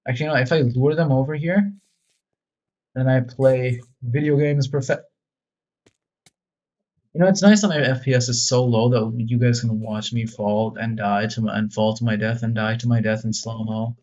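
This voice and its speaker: A man chats loosely over his gameplay, joking and mocking his own skills as he goes. His voice sits at an ordinary middle pitch. The sound is a bit dull and lo-fi. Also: normal speed, a little mellow. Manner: joking, self-mocking, rambling. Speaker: gaming video creator. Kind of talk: casual gameplay commentary.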